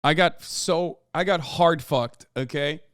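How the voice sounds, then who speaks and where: A man's voice: a little high, slow, fairly bright tone, no room sound, clean studio sound. A man in his thirties ranting loosely and profanely as he reacts to the news on his livestream. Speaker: streamer. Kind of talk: casual livestream commentary.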